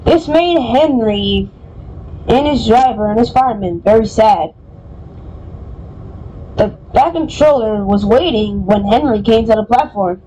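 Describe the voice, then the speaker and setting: A woman's voice: a little high, expressive, a little slow, long pauses, warm tone, dull audio, a little hiss or hum. A woman reading a children's storybook aloud, casual, often stumbling and correcting herself. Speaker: storybook reader.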